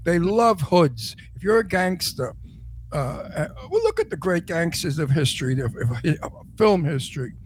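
A man's voice: fairly high pitch, expressive, moderate pace, slight background noise. An older man with a Brooklyn New York accent, co-hosting a chat show, blunt and joking. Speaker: co-host. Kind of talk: casual chat.

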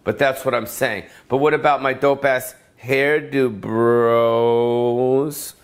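Casting: a loose, foul-mouthed male comic, rambling rant, mid-pitched. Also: steady tone, takes it slowly. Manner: rambling, profane, repetitive. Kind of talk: profane comedic rant. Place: Las Vegas.

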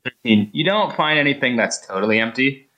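A man's voice: medium pitch, expressive, brisk, bright, forceful tone, lo-fi sound. A man narrating as game master of a tabletop role-playing game, describing scenes casually with fillers.

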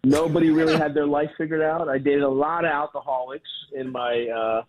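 A man's voice: a little high, steady tone, fairly quick. A man, a comedian guest chatting casually, rambling and self-deprecating with many fillers and restarts. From Baltimore. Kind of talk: casual phone interview. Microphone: phone. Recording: tinny phone line.

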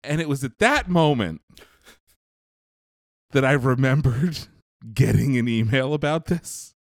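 A man co-hosting a podcast, telling stories in casual chat, animated and profane, laughing often. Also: mid-range voice, measured pace, dry recording, clean studio sound. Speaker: podcast co-host.

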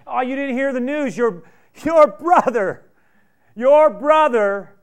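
A man acting out a servant who stammers out good news, high and loud. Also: slow pace, clean tone, exaggerated voice. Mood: excited. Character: excited male servant rushing with news.

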